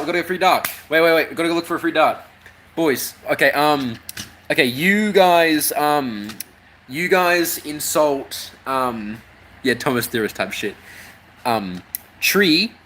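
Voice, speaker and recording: A man's voice: fairly high pitch, a bit bright, a little hiss or hum. Rambling, swearing young-sounding man. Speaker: model railway streamer. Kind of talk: casual chat while working on a model.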